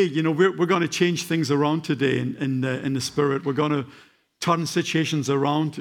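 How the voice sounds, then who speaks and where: An older man with a faint Scottish accent, preaching a sermon as a guest in a church, halting with fillers and then rising to fervent emphasis. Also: on the high side. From Scotland.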